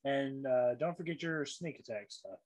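A man's voice: mid-range voice, expressive, normal speed, darkish tone. A man running a tabletop game as dungeon master, narrating with easy laughs.

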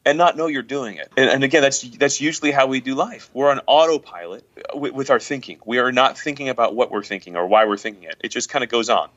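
A man co-hosting a faith talk show, speaking emphatically and with a preacher's punch. His voice sits at an average pitch for a man. The recording sounds a little dull and lo-fi. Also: animated, fast, a bit bright. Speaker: podcast co-host. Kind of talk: casual faith discussion.

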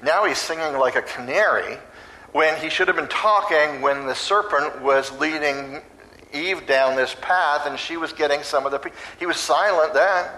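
A man preaching a sermon in a conversational, animated way, now and then acting out voices. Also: fairly high pitch, moderate pace, a little hiss or hum, poor audio.

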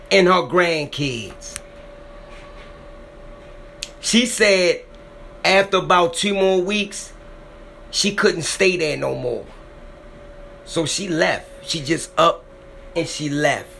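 A man's voice: fairly high pitch, gravelly, a bit bright, slight background noise. A man retelling someone's frightening encounter in an emotional, dramatic way, often repeating himself. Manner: dramatic, repetitive, voice swells when emotional. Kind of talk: emotional spoken storytelling.

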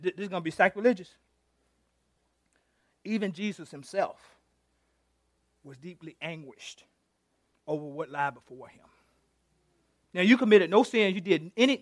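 A male pastor leads an interactive sermon, chatting with his congregation and joking with individual members. His voice sits high, and the recording is dry and close. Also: dry recording. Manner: conversational, teasing the congregation, retells scripture with playful voices.

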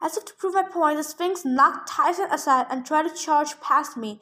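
A woman reading a novel aloud in first person, with steady storytelling. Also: high voice, moderate pace, few pauses. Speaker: reader.

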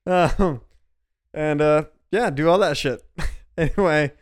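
Brief: male podcast host, slightly high, smooth clear voice, loose and profane. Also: slow, long pauses, no room sound, studio quality. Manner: profane, animated storytelling. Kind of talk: casual podcast chat.

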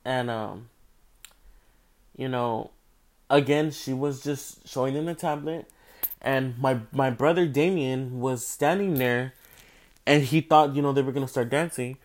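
A man's voice: mid-range voice, unhurried, pauses often. A young man telling a rambling, profane story in casual storytime style, tired and yawning. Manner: profane, rambling, animated, swears constantly.

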